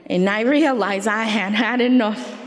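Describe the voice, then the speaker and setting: A woman's voice: mid-range voice, unhurried, background noise. Earnest woman giving a testimony in a hall. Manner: earnest, reflective, affirming faith in short declarations. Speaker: speaker sharing her story on stage. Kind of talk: personal testimony. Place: event venue stage.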